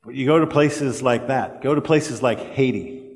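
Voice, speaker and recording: A male preacher delivers a sermon in a church sanctuary, his mid-pitched voice trailing off into the long reverb of the room. He speaks earnestly with many small fillers and stumbles, and he slows right down to lean on the words that matter. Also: a little mellow. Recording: echoey church hall.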